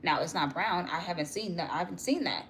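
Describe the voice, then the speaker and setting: A young woman talks to her viewers in a loose, rambling way. Her voice sits a little low for a woman. She jumps between thoughts, restarts, and drops her voice now and then. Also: a little fast, a little hiss or hum. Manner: chatty, rambling, animated storytelling. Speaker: vlogger. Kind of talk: casual chat to viewers.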